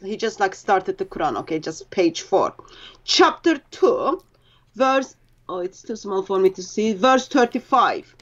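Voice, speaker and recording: A woman's voice: mid-range voice, moderate pace. A woman guest on a live stream, explaining things hesitantly with many fillers over a video call. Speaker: guest co-host. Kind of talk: casual live stream talk. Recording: muffled lo-fi video call audio.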